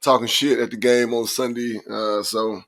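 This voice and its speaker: A podcast co-host from the Phoenix area talks laid-back on a casual sports podcast, his voice hoarse and raspy from shouting. He speaks at a medium pitch with a level tone and moderate pace, filling gaps with "you know what I'm saying."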